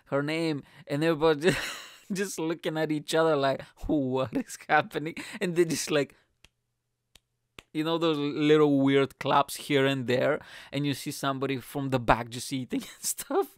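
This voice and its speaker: Animated young man telling a story. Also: on the high side, moderate pace, smooth, no room sound, clean studio sound. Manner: animated, acts out quotes, swears freely, laughs often. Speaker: comedian. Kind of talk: casual storytelling.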